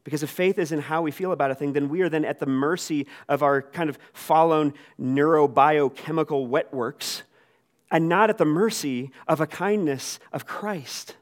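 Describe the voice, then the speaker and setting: A man preaching a sermon in a casual, conversational way. He acts out the quoted lines with lively voices. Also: fairly high pitch, normal speed. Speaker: pastor.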